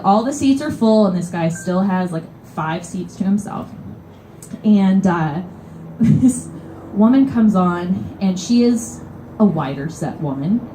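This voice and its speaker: A young woman from Kentucky spins a comedic story on stage in a bookstore cafe, rambling, swearing and leaning on "like". Her voice is mellow and dark-toned. The live room rings around her, with a faint murmur underneath. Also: on the low side, slight background noise. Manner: rambling, profane, heavy use of "like". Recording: roomy live venue sound.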